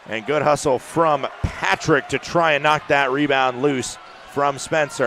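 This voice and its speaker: A man doing play-by-play commentary for a basketball game, rising to shouts on big plays, with faint court noise behind him. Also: mid-range voice, fairly even intonation, moderate pace, hardly any pauses. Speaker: play-by-play announcer. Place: arena broadcast booth.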